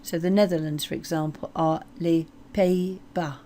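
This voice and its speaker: A woman teaching French place names, slowly modeling each word. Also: fairly low pitch, fairly even intonation, dark tone, a little hiss or hum. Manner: slow, deliberate modeling of French words. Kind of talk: explanatory language lesson.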